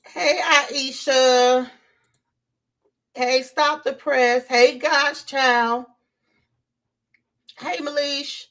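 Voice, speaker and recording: A woman's voice: high voice, steady tone, drawn-out words, long pauses, a bit bright. A woman hosting a casual livestream, talking straight to her viewers, repeating herself and greeting people in the chat by name. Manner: conversational, addresses viewers directly, repeats herself. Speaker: livestream host.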